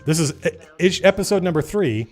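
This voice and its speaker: A man hosting a casual livestream, reading old game zines aloud and breaking off into rambling, animated comments. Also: a little high, fairly quick, faint music behind. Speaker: livestream host.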